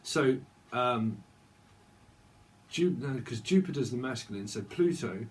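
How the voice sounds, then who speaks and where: A man's voice: mid-range voice, expressive, slow. A man giving a channelled tarot reading, rambling and free-associating, laughing now and then. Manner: rambling, free-associating, sings snatches of songs. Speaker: tarot reader.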